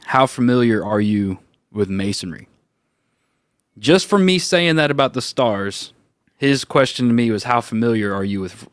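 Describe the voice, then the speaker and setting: A man of middle pitch tells a story in an easy, casual way and acts out the lines of the people in it. The mic is close and the room is dry, with no echo. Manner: animated storyteller, acts out quoted voices, laughs often. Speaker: roundtable co-host.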